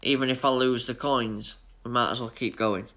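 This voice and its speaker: A man with a Yorkshire accent giving chatty, excitable live commentary on his racing game while talking to his chat. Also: medium pitch, normal speed. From Leeds, Yorkshire, England. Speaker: gaming streamer.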